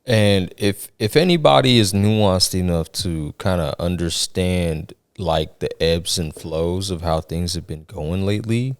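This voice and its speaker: A man's voice: sits low, unhurried, few pauses, clear, resonant tone, no room sound, clean studio sound. A man chatting casually on a podcast, laid-back and dropping "man" and "you know" often. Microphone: podcast studio mic.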